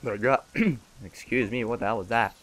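A let's play gamer delivers joking, chatty commentary on his gameplay and talks back to the game's characters. He speaks at a moderate pace in a fairly low voice whose tone is steady and fairly bright.

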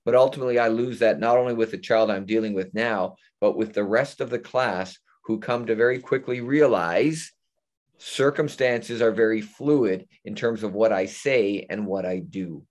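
A man's voice: fairly low pitch, normal speed. A man presenting on a webinar, talking with his hands and acting out example sentences as he explains over a video call. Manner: animated hand talker, acts out example sentences. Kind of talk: explanatory panel talk.

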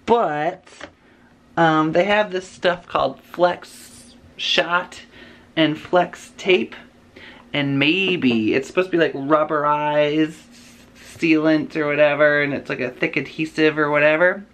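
A man's voice: a little high, steady tone, takes it slowly, fairly bright tone. Chatty gushing male vlogger. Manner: rambling, chatty, gushing with lots of fillers. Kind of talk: casual vlog chat. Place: home, then a store.

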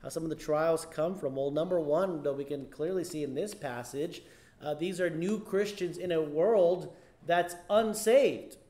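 A man's voice: a little high, measured pace, mellow. A man teaching a Sunday school sermon in church, emphatic and repetitive, often asking the class rhetorical questions. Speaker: pastor.

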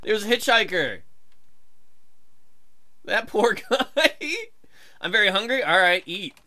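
A man hosts a let's play video in a high, animated voice that sounds pushed and bright, taking his time as he cracks crude jokes and reads the game text aloud. Keyboard typing clatters behind him throughout this casual commentary.

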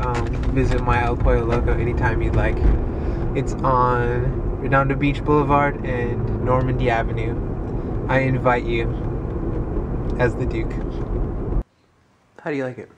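A man with a stuffy nose from allergies, chatting casually while he vlogs from his car and around town. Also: mid-range voice. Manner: rambling, offhand. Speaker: vlogger. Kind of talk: casual vlog chat. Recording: street and traffic noise. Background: traffic and city ambience.

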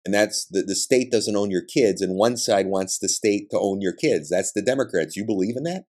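A man's voice: fairly low pitch, normal speed, darkish tone. A man hosting a podcast, delivering a combative political monologue with blunt, emphatic ranting and profanity. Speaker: podcast host.

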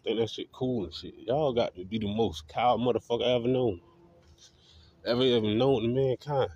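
A man's voice: mid-range voice, a little mellow, dry recording. Man ranting profanely on dull lo-fi audio. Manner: confrontational, repetitive, heavy swearing. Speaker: vlogger.

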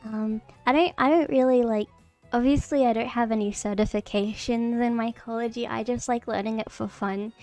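A woman streamer giving a casual lesson on mushrooms, rambling and halting with many fillers and restarts, bubbly and playful. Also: a little high, fairly even intonation, a little mellow. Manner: bubbly, repeats phrases playfully. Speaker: streamer teaching a mycology lesson. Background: faint background music.

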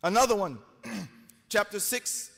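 Emphatic high-voiced man debating in a hall. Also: slow pace, creaky, fairly bright tone. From United States. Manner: emphatic, argumentative, quotes scripture. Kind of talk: live debate speech. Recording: long hall reverb.

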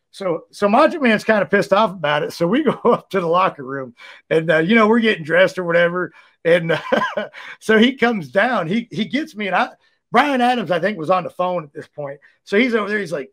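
A man from Ohio, a former wrestler, telling stories as a guest in a casual, animated way, laughing often and leaning on "you know.". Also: high voice. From Ohio, USA. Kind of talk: casual storytelling.

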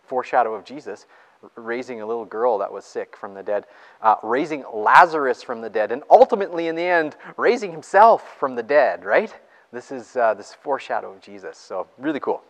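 An enthusiastic man preaches and reads scripture with a lively voice that swoops up and down. He keeps a chatty tone and often laughs between points. His voice rings out with the long echo of a church hall. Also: medium pitch, normal speed. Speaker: pastor. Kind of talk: sermon with scripture reading.

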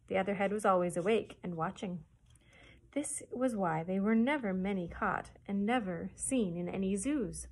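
A woman librarian reading a chapter book aloud to children with expressive storytelling. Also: medium pitch.

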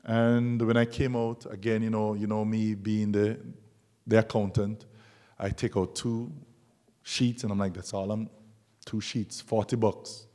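A man's voice: fairly low pitch, unhurried. A man from Jamaica giving a public artist talk, telling stories animatedly and acting out the dialogue. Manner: animated storyteller who acts out dialogue. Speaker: guest speaker, documentary photographer. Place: museum lecture hall.

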